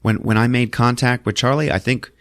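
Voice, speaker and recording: A man hosting a podcast, recapping a film in a casual, profane, animated storytelling manner. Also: medium pitch, fairly quick, dry recording, studio quality. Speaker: podcast host.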